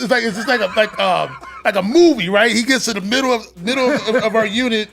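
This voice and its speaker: A man in his fifties from Atlanta, a podcast guest telling a story in a casual, animated way, laughing and swearing often. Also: sits high, quick pace, gravelly, hardly any pauses, faint music behind. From Atlanta, USA. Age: 50s.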